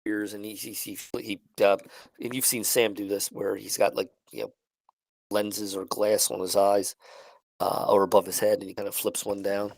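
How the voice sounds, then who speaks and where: A man narrating as game master of a tabletop role-playing game, halting and restarting often. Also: lowish voice, little pitch movement, creaky, a little mellow, no echo, low-quality recording. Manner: halting, many restarts and fillers.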